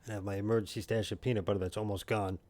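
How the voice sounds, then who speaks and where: A New York man streams a video game from home, joking, rambling and greeting his viewers by name. His fairly low, darkish voice races along with little pitch movement.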